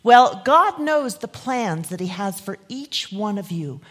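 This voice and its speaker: Woman for a devotional reading; breathy, highly animated pitch, dramatic pauses, slips into whispers. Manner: expressive, dramatic, drops to whispers. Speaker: devotional speaker. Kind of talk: devotional message and poem recital.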